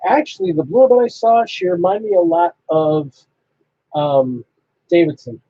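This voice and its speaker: A man with a somewhat high, husky voice, chatting in an easygoing way and giving blunt opinions. The audio is dry and a bit muffled, like a low-fidelity home recording. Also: big pitch swings, a little slow, mellow, no echo. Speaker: podcast co-host. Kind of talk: casual fan chat.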